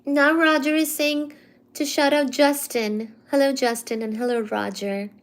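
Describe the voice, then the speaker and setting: A woman hosting a casual live stream, reading viewer comments aloud and teasing back in a careful, clearly articulated way. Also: high voice, steady tone, a little slow. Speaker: livestream host.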